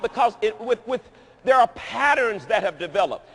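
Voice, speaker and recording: A man preaching a sermon in a large dome, emphatic and repetitive, rising to shouts. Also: high voice, expressive, normal speed, husky. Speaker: pastor.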